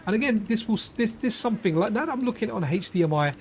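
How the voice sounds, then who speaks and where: A man's voice: sits high, animated, fast, a little hiss or hum. A middle-aged man giving casual gameplay commentary as a retro gaming YouTuber, chatty and laughing often as he tells stories.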